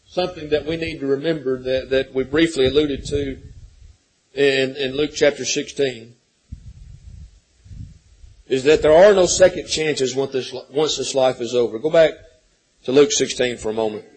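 A man's voice: mid-range voice, normal speed, pauses often, darkish tone, slightly rough, poor audio. A man preaching a sermon, telling a folksy story with frequent restarts and repeated words.

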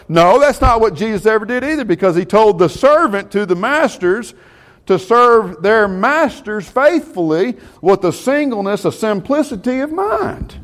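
Man, preacher, lively swinging pitch, rhetorical questions, Bible class sermon. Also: moderate pace.

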